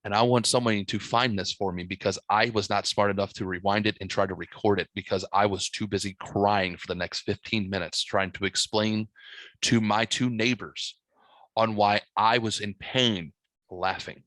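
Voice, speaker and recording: Give me a profane, animated man hosting a podcast. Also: lowish voice, moderate pace, no room sound. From St. Louis, USA. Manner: profane, animated storytelling, rising loud when laughing. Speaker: podcast host. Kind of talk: casual storytelling chat.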